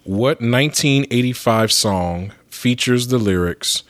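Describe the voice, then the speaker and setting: A man's voice: fairly low pitch, moderate pace, no echo. A man running a casual podcast trivia game, reading out questions and teasing the players. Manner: teasing, reads questions out plainly. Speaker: quizmaster.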